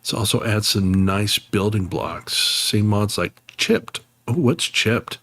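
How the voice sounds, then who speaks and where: A man's voice: on the low side, slow, a bit bright, dry recording. A man chatting casually on a live game stream, thanking viewers and laughing easily.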